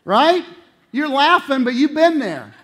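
A middle-aged male pastor preaching a sermon, animated, acting out little voices and swinging between loud outbursts and low asides. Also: unhurried.

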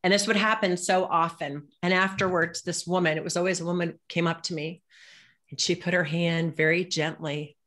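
Frank, low-voiced woman telling stories. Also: steady tone, moderate pace, fairly bright tone. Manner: frank, humorous, swears freely. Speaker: panel speaker. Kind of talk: candid personal storytelling.

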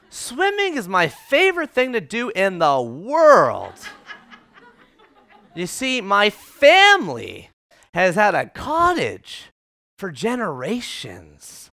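A man quoting an eager young woman on a date, in a gushing, emphatic way, his voice raised and bright. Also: high-pitched, huge pitch swings, extremely slow, exaggerated voice. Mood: excited.

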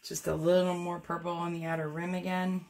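Fairly quick and flat in delivery, this woman's voice is on the low side and a little mellow. She's a painter demonstrating fluid art, narrating each step as she works in a joking, self-deprecating way.

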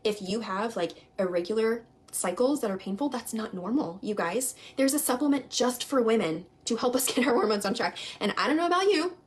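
Emphatic woman pitching her sales team. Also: lively intonation, a little fast, hardly any pauses. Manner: emphatic, repetitive, addresses listeners as "you guys". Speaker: network marketing recruiter.

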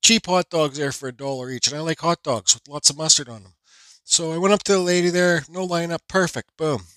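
Man, forties, bright and slightly high, casual rambling vlog voiceover. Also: a little fast, no echo. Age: 40s. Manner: animated, rambling storyteller with many restarts. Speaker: woodcarving channel host.

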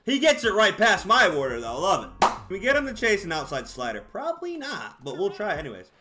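A man commentating his own baseball video game, excitable and exasperated, shouting at his players. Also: high voice, quick pace, background noise. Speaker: gaming YouTuber. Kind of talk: live gameplay commentary.

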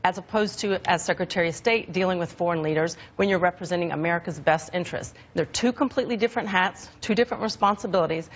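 A woman commentator on a news panel, talking in a quick, assured way as she defends her side. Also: lowish voice. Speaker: political commentator. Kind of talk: broadcast panel discussion. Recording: dull lo-fi broadcast audio.

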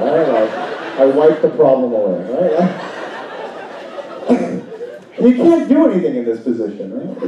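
A man performing a stand-up comedy set on a club stage, animated and breaking into high panicked shrieks for his bits. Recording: roomy, distant, dull club recording. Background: audience laughter.

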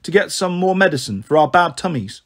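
A man's voice: high voice, expressive, brisk, fairly bright tone. Man doing a flustered young girl. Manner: urgent, flustered pleading. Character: anxious eleven-year-old girl minding her siblings.

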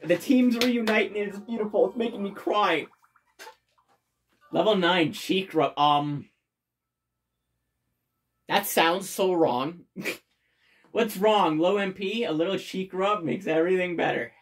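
Excitable, swearing let's play gamer. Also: medium pitch, slow pace, pauses often. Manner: excitable, loud bursts of cheering, frequent swearing. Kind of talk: game commentary. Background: faint game music.

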